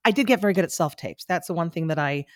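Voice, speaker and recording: A woman's voice: lowish voice, expressive, quick pace, no room sound, studio quality. A woman, a stage actor and coach, talking reflectively and earnestly as a podcast guest, often restarting her sentences. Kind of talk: casual podcast interview.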